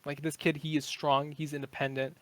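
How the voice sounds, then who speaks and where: A man's voice: on the high side, flat delivery, fairly quick, a bit bright, dry recording. A man in his twenties, a podcast guest, chatting casually in a rambling, profane way with many fillers. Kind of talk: casual chat.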